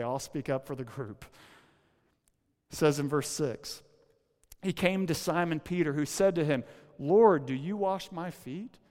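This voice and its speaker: A man preaching a sermon, chatty and humorous, dropping low and soft to stress a point. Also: in a large hall. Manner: conversational, humorous asides, drops low and soft for emphasis. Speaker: pastor.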